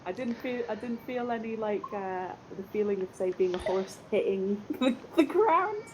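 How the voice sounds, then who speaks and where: Woman, player, playful and quippy, lively pitch. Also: normal speed, low-quality recording. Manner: playful, joking. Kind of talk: tabletop game play.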